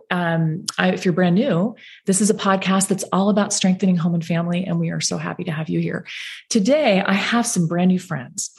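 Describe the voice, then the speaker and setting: A woman hosting a podcast in a chatty, bubbly way, rambling through asides and laughing often. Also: medium pitch. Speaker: podcast host.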